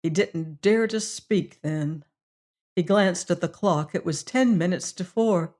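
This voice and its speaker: Slow, measured woman audiobook narrator. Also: fairly low pitch, a little mellow. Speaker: audiobook reader.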